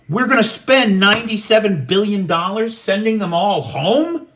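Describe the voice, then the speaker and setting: A man's voice: sits high, big pitch swings, unhurried, fairly bright tone, a little hiss or hum. An American man hosting a casual livestream from his home kitchen, cooking and talking in a blunt, profane, ranting way. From United States. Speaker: livestream host.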